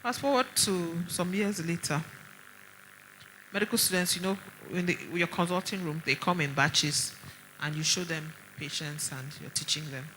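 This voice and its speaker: A middle-aged Nigerian woman, a doctor, giving an animated conference talk full of stories and pointed rhetorical questions. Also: lowish voice, moderate pace, a little hiss or hum, low-quality recording. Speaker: doctor speaking at a women's conference.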